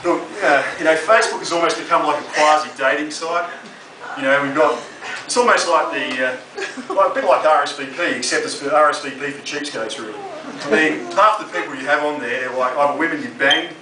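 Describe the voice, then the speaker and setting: A young Australian man delivers a crude, brash stand-up set in a slightly higher voice. He sounds distant and roomy, caught from afar in a live comedy club with clear crowd noise behind him. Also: brisk.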